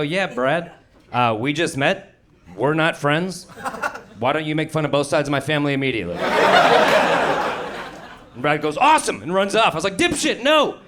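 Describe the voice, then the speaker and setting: A man's voice: on the high side, background noise. Sardonic male stand-up comic. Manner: sardonic storytelling with acted-out quotes. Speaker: stand-up comedian. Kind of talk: stand-up comedy set. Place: comedy venue with live audience. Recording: live audience laughter behind.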